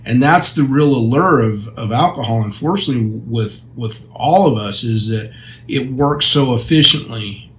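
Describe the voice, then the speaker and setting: A man's voice: medium pitch, normal speed, a bit bright, rough recording. A man co-hosting a recovery podcast, reading passages aloud and reflecting on them in casual discussion. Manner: reflective, reads passages then comments. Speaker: recovery counselor and podcast co-host.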